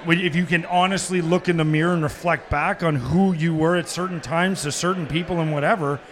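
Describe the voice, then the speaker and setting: High-voiced man telling profane stories. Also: a little fast. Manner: profane, animated, quotes people mid-story. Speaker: podcast guest, former hockey player. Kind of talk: casual storytelling. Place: sports bar, live taping.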